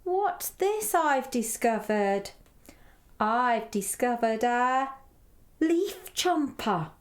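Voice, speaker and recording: A woman's voice: a little high, big pitch swings, very slow, full character voice. A woman voicing a curious little boy exploring outdoors, inquisitive and delighted with each find, in a read-aloud children's story.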